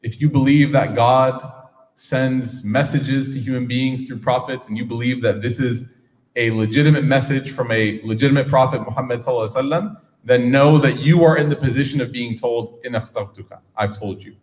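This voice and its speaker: A man's voice: medium pitch, steady tone, fairly quick, a little mellow. A man teaching a class on scripture, casual and engaging, asking his audience questions. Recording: reverberant hall.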